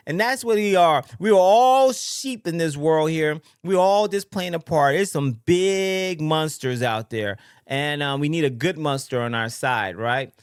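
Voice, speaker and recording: Animated man streaming political reactions. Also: sits high, smooth, no room sound, studio quality. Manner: animated, mocking, reads memes aloud in silly voices. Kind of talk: casual reaction commentary.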